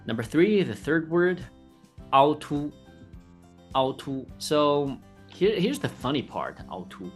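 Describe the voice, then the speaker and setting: Man from China, chatty online language teacher, mid-pitched voice, slows down for the Chinese words, faint music behind. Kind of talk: casual online lesson.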